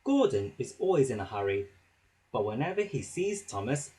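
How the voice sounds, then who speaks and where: A man narrating a children's story with a slow, expressive reading. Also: mid-range voice, poor audio.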